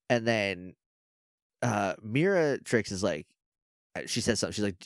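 A male podcast co-host with a medium-pitched voice casually recaps an episode of a show, animatedly acting out the characters' lines. He speaks at a moderate pace, in clean studio sound with no room echo.

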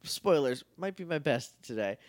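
A man co-hosting a podcast, chatting casually and acting out characters in quick voices. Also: fairly high pitch, animated, no echo, studio quality. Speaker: podcast co-host. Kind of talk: casual recap chat.

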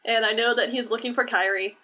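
This is a cheerful, clingy teenage boy hero from a video game, as a woman puts him on. The voice sits high and bright and gushes eagerly in rambling run-ons. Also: steady tone, fast talker. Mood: upbeat relieved.

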